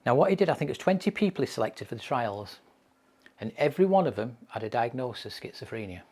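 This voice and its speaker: A man's voice: mid-range voice, very animated, quick pace, a little mellow, slightly rough. A man giving a mental health training lecture, telling case stories with emphatic repetition.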